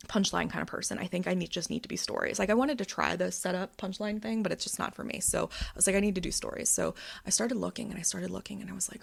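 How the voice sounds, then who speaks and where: A woman's voice: medium pitch, a little fast, creaky, husky. A woman in her thirties giving a candid personal update, telling a story in a worked-up, swearing way. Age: 30s. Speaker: vlogger.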